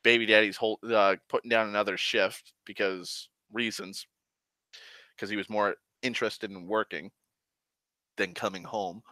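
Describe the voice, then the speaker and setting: A young man spins a casual, meandering story full of swearing, often stopping to correct himself mid-sentence. His voice sits a little low yet has a bright, forceful edge. The sound is close and dry. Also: steady tone, unhurried, no echo. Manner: rambling, profane, often backtracks and corrects himself. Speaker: host.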